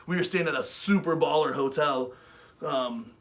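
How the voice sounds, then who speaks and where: A man casually telling stories as co-host of a webshow, animated and swearing, with loud bursts. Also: on the high side, normal speed. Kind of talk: casual storytelling chat.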